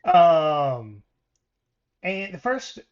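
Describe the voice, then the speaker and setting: A man's voice: fairly high pitch, very animated, drawn-out words. Man talking football stats, dull sound. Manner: reads stats with many ums and restarts. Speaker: podcast co-host. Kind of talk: casual sports talk.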